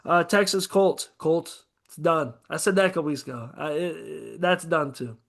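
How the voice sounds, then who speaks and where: A man's voice: on the high side, moderate pace, gravelly, fairly bright tone. A man co-hosting a casual sports podcast, rambling and profane about football teams. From American Midwest. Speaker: podcast co-host.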